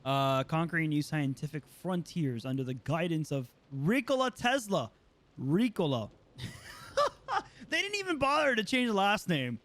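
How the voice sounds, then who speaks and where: A man with a high voice commentates his game stream, his pitch swinging widely as he talks. His speech is loose and casual, packed with slang, fillers and the odd curse. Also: normal speed. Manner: animated, casual slang and swearing, many fillers. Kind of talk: let's play commentary.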